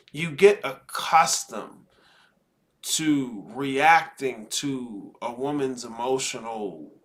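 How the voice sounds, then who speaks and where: A man hosting, giving slow, reflective commentary with sighs and pauses. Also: mid-range voice. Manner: slow, deliberate, sighing pauses. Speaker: host commenting on a podcast clip.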